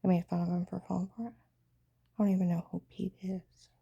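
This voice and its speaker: A woman's voice: fairly low pitch, level tone, a little fast, gravelly, dark tone, breathy edge, lo-fi sound. A woman telling a rambling, agitated personal story, often dropping into a half whisper.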